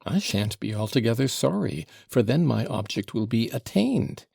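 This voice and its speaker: A fawning, mocking devil dressed up as a shabby gentleman, put on by a man reading an audiobook. His voice sits higher than the reader's own, with gravelly creak and a husky edge. It flits between sly courtesy and little French flourishes, all recorded dry and close. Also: big pitch swings, normal speed, no echo, exaggerated voice.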